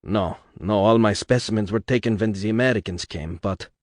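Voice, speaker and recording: A man's voice: lowish voice, moderate pace, a little mellow, no room sound, close to an everyday voice. A cold, clinical young woman scientist with a German and Eastern European accent, as a male narrator puts her on. She speaks in short, clipped phrases, detached and odd, in a dry storybook reading.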